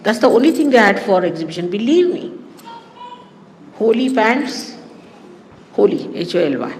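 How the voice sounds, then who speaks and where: A woman's voice: mid-range voice, very animated, fast, darkish tone. A woman from India, a spiritual teacher giving a spoken talk to followers, rambling through anecdotes with asides. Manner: anecdotal, digressive storytelling with asides. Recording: echoey hall with faint background noise.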